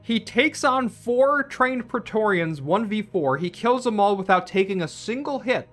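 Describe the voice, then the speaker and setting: A man's voice: high-pitched, expressive, unhurried, a bit bright, soft background music. A man recapping a film plot in a casual, profane rant, full of restarts and tangents. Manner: rambling, profane, with many restarts. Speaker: film reviewer.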